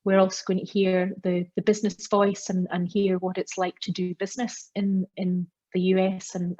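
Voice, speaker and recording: Lady hosting a zoom webinar, lowish voice, loads of ums, muffled call sound. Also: darkish tone, breathy edge. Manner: chatty, many fillers and restarts. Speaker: chamber of commerce host.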